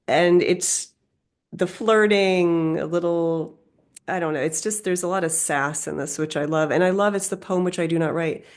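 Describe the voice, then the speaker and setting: Slightly low-voiced woman musing aloud. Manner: musing, meandering, thinks aloud. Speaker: podcast host. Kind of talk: reflective solo podcast talk.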